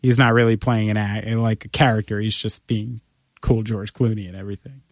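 A man co-hosting a podcast in casual chat, animated and playfully persuasive, talking in long run-on pitches. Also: brisk, dry recording, studio quality. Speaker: podcast co-host.

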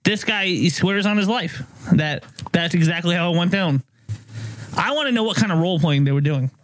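A man co-hosting a casual chat, retelling a story in an animated way with mock-indignant outbursts. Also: sits high, a little fast, dry recording.

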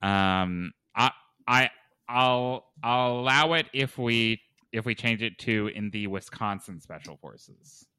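Game master man, bright, smooth voice, dry close sound. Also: lowish voice, takes it slowly, dry recording. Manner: hesitant, amused rulings full of ums. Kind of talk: running a tabletop game.

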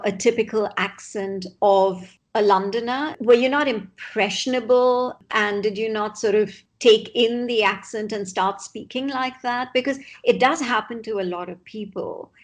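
A woman's voice: a little high, a little slow, few pauses. A woman hosting a podcast, asking the guest probing, chatty questions with casual fillers. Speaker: podcast host. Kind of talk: interview questions.

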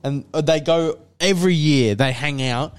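A man's voice: on the high side, normal speed, clear, resonant tone. A man co-hosting a podcast, casually retelling a movie trailer in a rambling way, with lots of fillers and swearing. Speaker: podcast co-host.

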